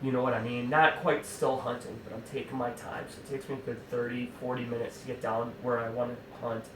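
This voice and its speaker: A man tells a rambling hunting story in an animated, exasperated way, stopping often for fillers and asides. His voice sits at a middling pitch and sounds roomy, picked up from some distance, with a faint hum underneath. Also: a little fast. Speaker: hunting club member telling a story. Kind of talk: casual spoken anecdote.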